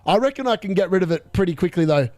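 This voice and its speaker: A young, fairly high-voiced man runs a fantasy football livestream, giving loose watchalong commentary and reacting with excitement to score updates. He speaks fast. There's no echo, just the dry, tight sound of a close mic.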